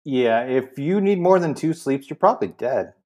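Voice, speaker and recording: A man co-hosting a podcast in casual chat, adding quick joking reactions and short interjections. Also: medium pitch, animated, dark tone. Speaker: podcast co-host.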